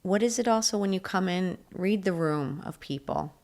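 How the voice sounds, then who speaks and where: Animated woman coach telling stories. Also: fairly low pitch, normal speed. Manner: energetic, animated storyteller who acts out quotes. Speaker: leadership coach, guest. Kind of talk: podcast interview, storytelling.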